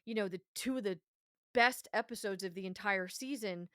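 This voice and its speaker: A woman's voice: mid-range voice, moderate pace, fairly bright tone, no echo, studio quality. A woman co-hosting a podcast in casual review chat, talking passionately and emphatically and swearing freely. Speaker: podcast co-host.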